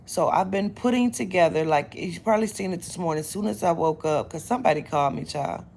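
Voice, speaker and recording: A woman reader chatting casually to her viewers, blunt and profane, retelling her day with lively quoted dialogue. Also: on the low side, quick pace, gravelly, slight background noise. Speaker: spiritual reader. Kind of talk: casual storytelling to camera.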